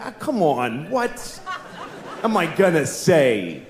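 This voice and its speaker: A middle-aged man performing a stand-up comedy set on a live stage, blunt and deadpan, breaking into voiced asides. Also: medium pitch, measured pace. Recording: echoey live venue, noisy crowd ambience.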